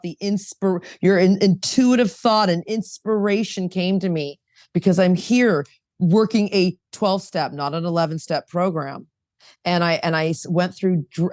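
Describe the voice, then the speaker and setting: A woman's voice: fairly low pitch, no room sound, studio quality. A woman sharing her story at a recovery roundtable in an earnest, emphatic way, often repeating herself. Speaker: roundtable participant, sponsor. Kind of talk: casual recovery-meeting sharing.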